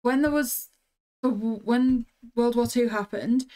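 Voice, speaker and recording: A woman's voice: a little high, fairly even intonation, unhurried, warm tone. A woman from the UK co-hosting a casual review podcast, chatty and teasing, going off on tangents. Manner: chatty, teasing, tangent-prone, many "like" fillers. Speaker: co-host.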